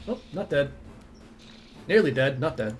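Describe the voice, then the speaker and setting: A man's voice: mid-range voice, expressive, a little slow, a little hiss or hum. A man streaming a role-playing game, chatting casually, laughing often and reading game text aloud. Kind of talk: casual gameplay commentary. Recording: faint game music behind.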